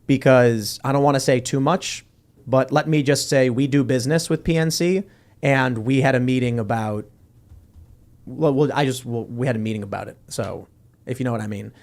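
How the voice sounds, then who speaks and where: Man, podcast host, casual chat, reads viewer comments, wry and joking, mid-pitched voice. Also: a little mellow. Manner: wry, jokey, quick asides.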